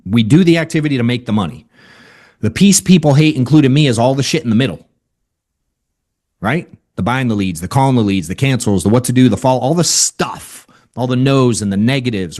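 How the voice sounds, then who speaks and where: A man giving a casual, energetic sales training over a video call. He talks bluntly and keeps asking "right?" and saying "dude.". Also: mid-range voice, brisk. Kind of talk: casual motivational training talk.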